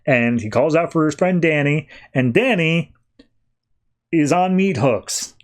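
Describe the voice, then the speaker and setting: A man hosting a podcast, casually recapping a comic book story with animated storytelling and quoted lines. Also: medium pitch. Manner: animated storytelling, quoting characters. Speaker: podcast host.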